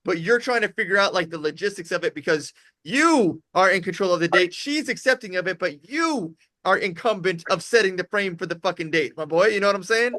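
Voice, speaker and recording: A man with a high, bright voice coaches a younger guy on dating in blunt, rapid street talk, swearing as he goes. The sound is close and dry, with no room around it. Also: expressive, dry recording. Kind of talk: casual coaching chat.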